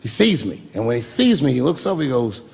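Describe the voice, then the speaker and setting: A man's voice: mid-range voice, big pitch swings, fast, creaky. A man doing stand-up comedy, telling a long story loosely and profanely and acting out the people in it. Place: live comedy stage.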